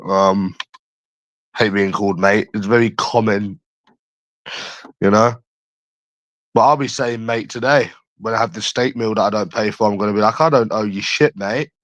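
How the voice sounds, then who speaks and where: A man's voice: on the low side, steady tone, normal speed, long pauses, fairly bright tone, dry recording. A young man from London chatting on a livestream, crude, taunting and repeating himself as he answers viewers. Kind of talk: casual chat answering viewers.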